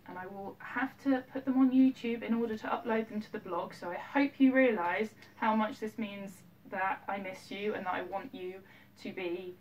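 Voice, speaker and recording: A woman teacher filming herself at home, reading a picture book aloud to her class in a gentle, expressive way with little asides to the children. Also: medium pitch. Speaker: primary school teacher. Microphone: self-filmed camera. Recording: distant mic, faint background noise.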